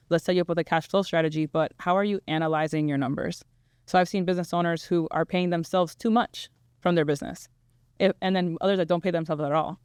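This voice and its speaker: Female guest, financial coach, brisk and clear, dry studio sound. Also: on the low side, a little mellow, no echo. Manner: explanatory, confident, brisk. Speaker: guest, accountant and money coach. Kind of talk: interview answers.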